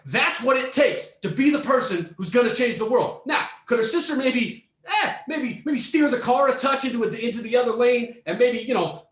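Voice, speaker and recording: A man co-hosting a podcast, ranting with heavy profanity and frequent shouting as he reacts to a story. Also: very high-pitched, reverberant. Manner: profane, heated, often shouting. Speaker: podcast co-host. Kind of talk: ranting commentary on a reader story.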